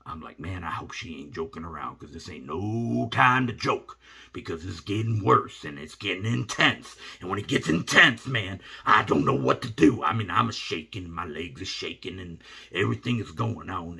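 A middle-aged man, telling a rambling comic story in a folksy, animated way. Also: fairly low pitch, creaky, husky. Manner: animated, rambling, drops to hushed asides.

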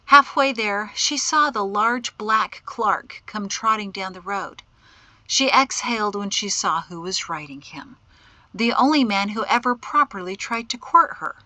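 A woman's voice: medium pitch, animated, measured pace, bright, forceful tone, no room sound. A woman narrating an audiobook expressively, voicing each character. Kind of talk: scripted narration.

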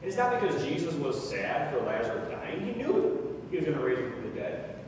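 A man, a pastor, preaching a sermon in an animated way, mimicking careless comforters and asking his congregation questions. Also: a little high, fairly quick, noisy background. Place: church sanctuary. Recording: echoey church hall from far off.

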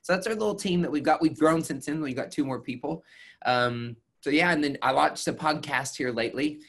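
A man with a Tennessee country accent, a nurse talking as a guest on a webinar in a chatty, sassy, animated way over a video call. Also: fairly high pitch, a little fast. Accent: Southern US, Tennessee. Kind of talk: casual webinar interview.

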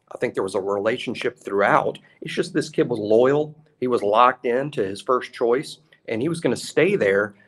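A man co-hosts a casual sports podcast at an ordinary pitch. He explains things in a measured way, with a touch of dry humor. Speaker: podcast co-host.

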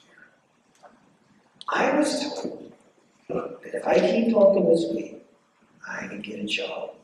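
A man giving an impassioned debate speech as guest speaker, driving his points home with repeated rhetorical questions and drawn-out stresses. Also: high voice, a little mellow, slight background noise. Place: debate hall. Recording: echoey hall from far off.

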